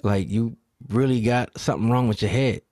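A man's voice: mid-range voice, normal speed, dry recording, clean studio sound. A man hosting a solo podcast, telling stories in a profane, emphatic way with rhetorical questions. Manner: profane, animated storyteller acting out quotes. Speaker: podcast host.

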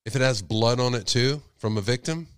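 A man's voice: medium pitch, a little fast, smooth, no room sound. Guy with a cold running a call-in show, lots of rhetorical questions, dry sound. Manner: speculative, asks rhetorical questions. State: sick with a cold. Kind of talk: casual call-in show talk.

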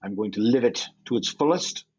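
Low husky guy talking in character, calm and steady, muffled lo-fi mic. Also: a little fast. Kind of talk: in-character role-play.

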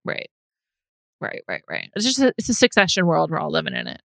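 Low and gravelly, a young woman's voice comes through with no room sound as she co-hosts a podcast. She's chatty and animated, breaking into laughter readily in this casual chat.

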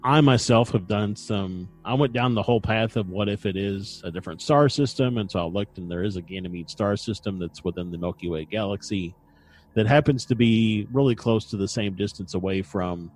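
Lower-voiced man, relaxed podcast co-host. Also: brisk, faint music behind. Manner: relaxed, digressive, with frequent ums and throat clearing. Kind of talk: casual chat about paranormal lore.

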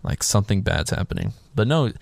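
A man's voice: on the low side, very animated, brisk, creaky, no room sound, clean studio sound. A man casually recapping a film on a podcast, rambling through the plot and acting out the characters' lines, with plenty of swearing. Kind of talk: casual chat.

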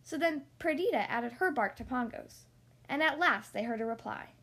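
A woman reading a children's storybook aloud in a gentle, expressive manner. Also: sits high, normal speed.

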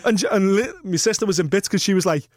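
A man's voice: sits high, fast, a little mellow, no room sound, clean studio sound. A man co-hosting a podcast, telling a long rambling anecdote with swearing and laughter. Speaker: podcast co-host. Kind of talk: casual storytelling chat.

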